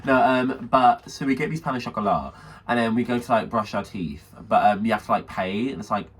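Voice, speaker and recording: Camp, fast-talking young Englishman telling stories. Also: lowish voice, husky. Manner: camp and gossipy, calls his co-host honey and mama; laughs often and acts out quoted voices. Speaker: podcast co-host. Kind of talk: casual comedic storytelling.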